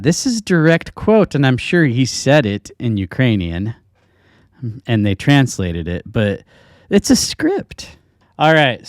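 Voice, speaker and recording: A man's voice: mid-range voice, darkish tone, no echo, studio quality. A man co-hosting a casual talk show, reading news aloud with sarcastic, profane commentary and frequent laughter. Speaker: podcast co-host.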